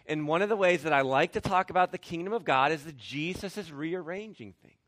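A man preaching a sermon, animated, with sarcastic bursts and laughs. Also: fairly high pitch, a little fast. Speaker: pastor.

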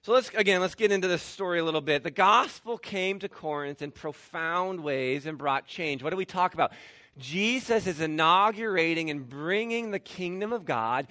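A man preaching a sermon, animated, with sarcastic bursts and laughs. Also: high-pitched, moderate pace. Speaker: pastor.

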